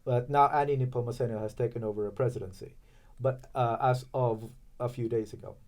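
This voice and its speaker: A man from Los Angeles speaking as a podcast guest in casual, halting talk with many fillers and restarts. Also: medium pitch, steady tone, darkish tone. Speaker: podcast guest, chamber of commerce president. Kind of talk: casual interview chat.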